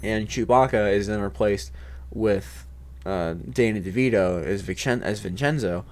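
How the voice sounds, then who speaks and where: A man's voice: lowish voice, measured pace, a little mellow. A man chatting casually as a host, rambling with lots of fillers and jokes. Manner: rambling, filler-heavy, joking. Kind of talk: casual chat.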